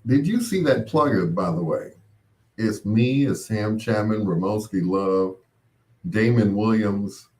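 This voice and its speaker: A man's voice: on the low side, lively intonation, unhurried, darkish tone. A man hosting a late-night radio show, chatting in a laid-back way with wry asides.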